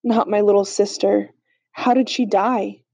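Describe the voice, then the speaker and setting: A woman's voice: medium pitch, steady tone, unhurried, vocal fry, dark tone, slightly rough, no room sound. A woman reading as a frightened young captive woman. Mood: grieving. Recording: slightly dull lo-fi audio.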